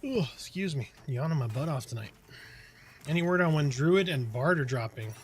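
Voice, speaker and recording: A man's voice: fairly high pitch, normal speed. A man streaming a game, chatting casually with his viewers and answering their questions while he plays. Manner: relaxed, chatty, reads and answers chat while focused on the game. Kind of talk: casual live-stream chat while playing.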